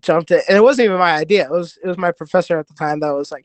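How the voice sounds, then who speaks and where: Earnest podcast guest, male, higher register, rambling; dry and close. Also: rapid-fire, hardly any pauses, no echo. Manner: earnest, rambling with many restarts. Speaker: podcast guest, jiu-jitsu competitor. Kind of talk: casual interview storytelling.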